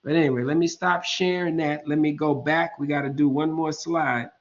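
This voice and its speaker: A man in his fifties giving an online lecture, explaining slowly and deliberately, often checking in with students and dropping informal jokes. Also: on the high side, steady tone, dull audio. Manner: slow, deliberate explaining, keeps checking in with "all right?"; informal and joking asides.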